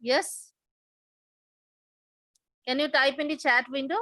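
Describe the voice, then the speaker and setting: A woman runs a live online test-prep lesson in a high voice. She explains carefully with many fillers and restarts, and asks her audience to answer in the chat. The sound is dry and close. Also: fairly even intonation, normal speed, pauses often, a bit bright, no room sound, poor audio. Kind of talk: live webinar presentation.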